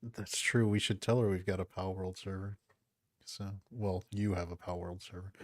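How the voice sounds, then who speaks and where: A man hosting a casual podcast, talking in a soft, calm, low-key voice into a close microphone. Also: moderate pace. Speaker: podcast host. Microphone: close studio mic.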